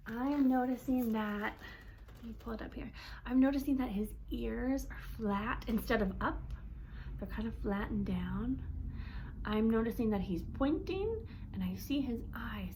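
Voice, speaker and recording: A woman speech-language pathologist guides parents through a picture book in an animated, encouraging way. Her voice sits a little high, and she keeps asking questions. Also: measured pace, pauses often, slight background noise.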